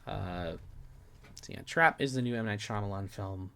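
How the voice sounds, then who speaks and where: A man co-hosts a film podcast, reviewing movies candidly in casual chat, swearing freely, restarting words and sometimes dropping to a near whisper. His voice is on the low side and a bit bright, at normal speed.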